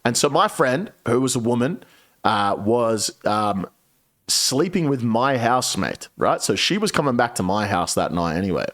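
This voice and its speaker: A man's voice: mid-range voice, big pitch swings, normal speed, a bit bright. A male streamer telling a rambling, profane story to his viewers in a casual, chatty way.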